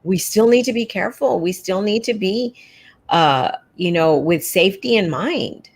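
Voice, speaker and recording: A woman's voice: mid-range voice, animated, moderate pace, husky. A woman co-hosting an educators' livestream in casual chat, agreeable and talking in loose starts with many fillers.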